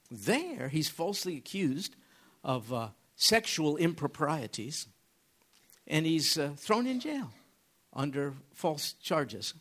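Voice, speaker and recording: Husky-voiced man preaching with lively pitch. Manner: dramatic, questioning the listeners. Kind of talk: sermon.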